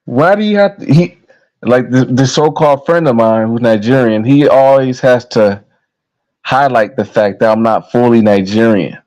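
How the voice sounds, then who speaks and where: A young American vlogger rants casually to camera, heated, profane and repetitive. His medium-pitched voice is a little mellow at a normal speed, captured in a low-quality recording.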